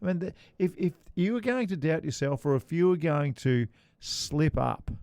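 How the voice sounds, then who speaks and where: A man's voice: on the high side, expressive, creaky, a little mellow, no echo, studio quality. A man co-hosting a golf podcast, chatting casually and joking with his co-host. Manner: chatty, joking, quick asides.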